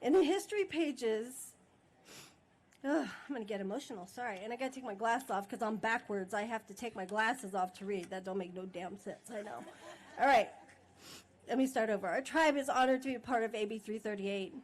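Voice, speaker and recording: A woman's voice: medium pitch, fairly quick. A tribal chairwoman giving an emotional ceremony speech outdoors at a podium microphone, partly reading and partly speaking off script with candid, laughing asides. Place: outdoor monument ceremony in a park.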